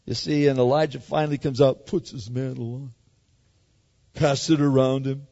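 A man preaching a sermon, swinging dramatically between loud and hushed. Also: medium pitch, level tone, moderate pace, vocal fry, in a large hall, dull audio. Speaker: pastor.

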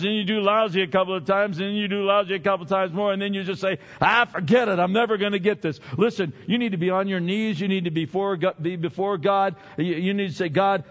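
A man's voice: sits high, fairly even intonation, quick pace, hardly any pauses. An older man preaching a sermon as pastor, chatty and self-deprecating, often repeating his words. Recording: dull sound with long hall reverb.

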